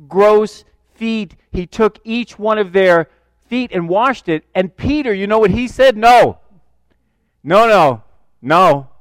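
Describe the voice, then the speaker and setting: Older male pastor, high voice, dry close mic, animated self-deprecating storyteller. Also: no room sound. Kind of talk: sermon.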